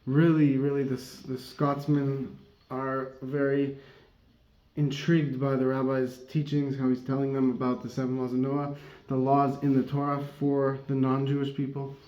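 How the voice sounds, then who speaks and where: A man with a medium-pitched, monotone voice gives a casual Torah teaching at a moderate pace. He rambles, corrects himself and laughs often, and the recording is dull and roomy.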